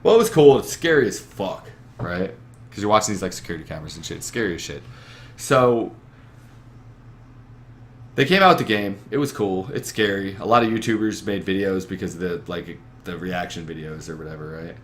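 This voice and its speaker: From a webcam setup, a young man hosts a gaming podcast, his low voice moving briskly. He rambles, swears, and talks emphatically in casual chat.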